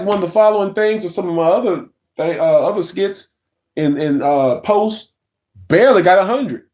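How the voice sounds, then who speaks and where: A man's voice: high voice, darkish tone. A man ranting on a live stream, rambling and restarting sentences and greeting viewers by name. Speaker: live streamer and content creator.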